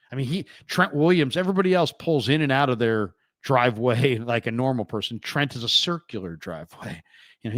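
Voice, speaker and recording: A man's voice: mid-range voice, dry recording. A man hosting a sports talk show, chatting in a wry, offhand way and laughing at his own stories. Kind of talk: casual sports talk monologue.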